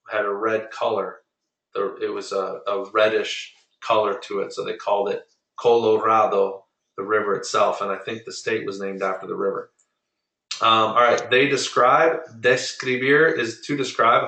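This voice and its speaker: Bright-voiced male tutor in a roomy room. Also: on the low side, distant mic. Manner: patient, drills words slowly and repeats them. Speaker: Spanish tutor. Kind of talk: online group lesson.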